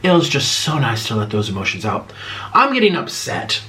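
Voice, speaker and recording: A man's voice: mid-range voice, huge pitch swings, fairly quick, pushed and bright. A man vlogger eating on camera and rambling emotionally through fan questions in casual chat.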